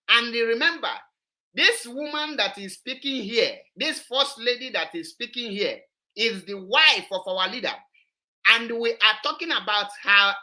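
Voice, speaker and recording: A woman's voice: medium pitch, pushed and bright. A woman, hosting an online show and commenting on a played clip, emphatic and repetitive. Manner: emphatic, repetitive, switches into Igbo.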